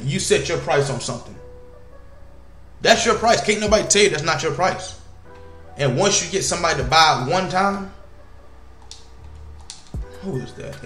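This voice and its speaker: A fairly high-pitched man talks over a video game in a slangy, animated way, often jumping to loud outbursts. The voice sits in a roomy, echoey space. A faint music bed runs underneath. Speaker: gaming YouTuber. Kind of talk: casual gameplay commentary.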